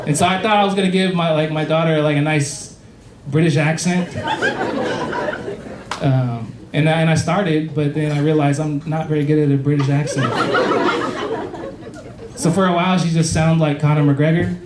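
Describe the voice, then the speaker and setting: A man's voice: fairly high pitch, steady tone, normal speed, pauses often, recorded from a distance, heavy background noise. A man in his thirties doing a stand-up comedy set on a club stage, rambling and crude in a conversational way. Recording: echoey club, heard from afar, loud crowd.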